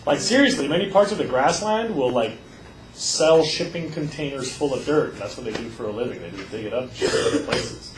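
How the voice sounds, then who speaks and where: A male teacher giving a lively classroom lecture, telling stories and acting out voices. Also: mid-range voice, fairly quick, distant mic. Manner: animated storyteller, acts out voices. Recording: echoey classroom with faint noise.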